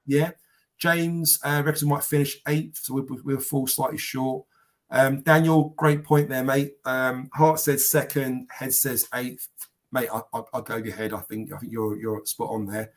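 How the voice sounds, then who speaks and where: A man's voice: mid-range voice, fairly even intonation, moderate pace. A man hosting a live podcast, chatting casually, rambling and swearing as he reads out viewer comments. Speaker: podcast host. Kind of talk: casual live-stream chat.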